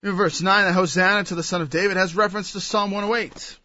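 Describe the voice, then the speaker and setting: A man's voice: high voice, fairly even intonation, fast, pushed and bright, dry recording. A man preaching a sermon. He reads old scripture aloud and then explains it verse by verse. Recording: dull lo-fi recording.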